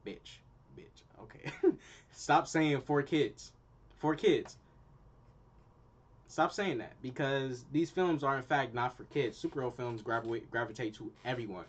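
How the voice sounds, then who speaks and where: A man's voice: mid-range voice, unhurried. Young man ranting in slang. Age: young adult. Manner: animated, repetitive, slangy. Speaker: channel host. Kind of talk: casual opinion rant.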